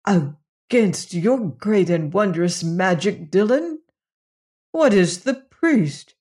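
Narrator plays solemn, formal alien man; unhurried, measured delivery. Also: mid-range voice, lively intonation, darkish tone. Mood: pleading. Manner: formal, old-fashioned speech. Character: grave, formal male alien villager.

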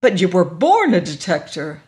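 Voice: mid-range voice, wildly swooping pitch, normal speed, a little mellow. A narrator doing a stern alien pilot. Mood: indignant. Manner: stern, indignant. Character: proud dutiful alien pilot, rigid and angry.

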